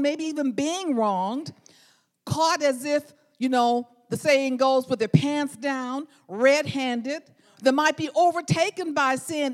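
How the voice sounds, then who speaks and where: High-voiced woman preaching in echoing hall. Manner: earnest, emphatic, repeats key words. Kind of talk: sermon. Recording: long hall reverb.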